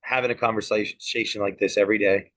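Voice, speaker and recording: A man with a somewhat low voice hosting a casual podcast conversation. He keeps his questions short and calm. The recording is dry, with no room sound. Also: brisk, no echo. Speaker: podcast host.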